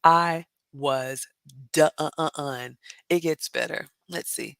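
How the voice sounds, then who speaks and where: A middle-aged woman from the American South with a Southern accent, telling a story to her vlog viewers in a chatty, animated way. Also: low-pitched, slow, creaky, clean tone, no room sound. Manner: chatty and animated, addresses viewers as "y'all", laughs often. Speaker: vlogger.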